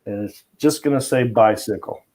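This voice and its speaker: A man's voice: mid-range voice, moderate pace, a little hiss or hum. Man telling a comedy story. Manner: laughs often, animated storytelling. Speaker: guest comedian. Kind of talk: casual storytelling.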